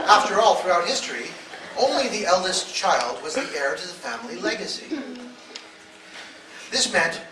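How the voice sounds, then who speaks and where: A high-voiced man tells stories and mimics the voices in them during a blunt, provocative talk before a live audience. The event hall recording comes from an audience member's phone camera at a distance, so it's echoey with a noisy background.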